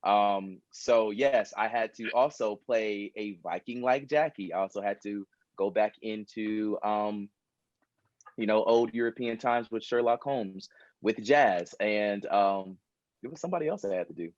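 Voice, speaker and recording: A man on a panel, chatting in an animated, storytelling way over a video call. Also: fairly low pitch, slow, no echo, highs cut off. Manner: animated, storytelling, often says "literally". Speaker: actor on a fan convention panel. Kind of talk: casual panel chat.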